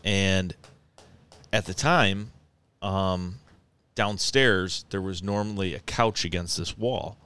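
Telling a story in casual conversation, a man speaks slowly in a lowish, smooth, resonant voice. He rambles and restarts, laughs along the way, and becomes more animated as the story builds.

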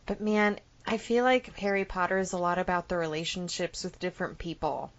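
A woman's voice: on the low side, fairly quick, highs cut off. A woman co-hosting a casual podcast, talking in an emphatic, chatty way and swearing freely. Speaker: podcast co-host. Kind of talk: casual fan podcast chat.

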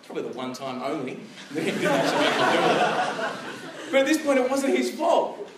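High-voiced pastor preaching in an echoey hall. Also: male voice, a little fast, over a noisy crowd, heavy background noise. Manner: conversational, storytelling with animated asides. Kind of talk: sermon. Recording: echoey room, picked up from a distance.

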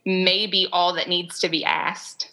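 Woman guest on a podcast, bright tone, a bit low, earnest and chatty. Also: flat delivery, a little slow, vocal fry, low-quality recording. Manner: earnest, explanatory, filler-heavy with "like" and "um". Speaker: guest expert on restorative practice. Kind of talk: conversational podcast interview.

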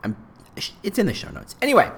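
A man's voice: mid-range voice, very animated, a little fast, fairly bright tone, a little hiss or hum. A middle-aged man hosting a casual solo podcast, talking in a rambling, chatty way and often correcting himself mid-sentence. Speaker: podcast host.

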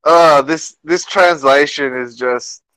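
A man's voice: fairly high pitch, takes it slowly, sharp tone, no echo, low-quality recording. A man hosting a casual chat, crude and joking and laughing often.

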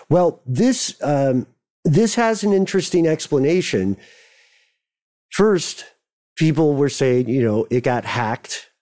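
A man hosting a casual comedy talk show, joking and making quick asides as he talks with his co-host. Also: medium pitch. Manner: jokey, animated, quick asides. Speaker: podcast host.

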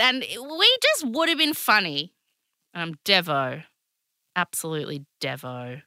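A woman co-hosting a podcast, chatting in an animated way with lots of fillers. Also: mid-range voice, normal speed, clean tone. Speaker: podcast co-host. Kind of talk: casual chat.

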